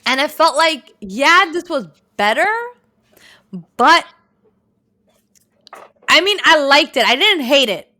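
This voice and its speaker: A woman's voice: high-pitched, expressive, takes it slowly, pauses often, bright, forceful tone. A woman co-hosting a casual podcast chat, giving blunt opinions, teasing her co-host and talking straight to viewers.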